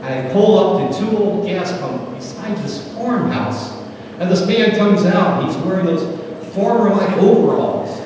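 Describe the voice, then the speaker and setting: A man delivers a spoken-word sermon as animated, humorous storytelling. His voice is fairly high for a man. It echoes around a large hall, picked up from some distance, with faint room noise behind. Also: measured pace. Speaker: slam performer. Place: live event hall.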